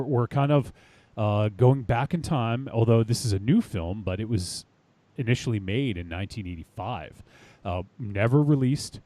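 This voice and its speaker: A man's voice: medium pitch, dark tone, no room sound. A man hosting a podcast, chatting casually in an upbeat, rambling way. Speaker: podcast host. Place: home studio.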